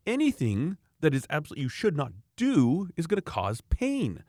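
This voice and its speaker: A man's voice: fairly high pitch, huge pitch swings, moderate pace, a little mellow, no room sound, studio quality. A man from Canada talking casually about raising children, emphatic and rambling, often restarting his sentences. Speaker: parent sharing views. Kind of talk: casual opinionated chat.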